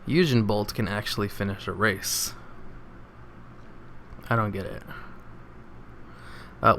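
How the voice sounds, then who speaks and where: A man reads a list of jokes aloud in a casual home-video way, his voice bright and pushing forward. He often breaks off to laugh or comment on what he just read. A faint hiss of noise sits under the recording. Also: mid-range voice. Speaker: reader of online posts. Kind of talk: reading jokes aloud with asides.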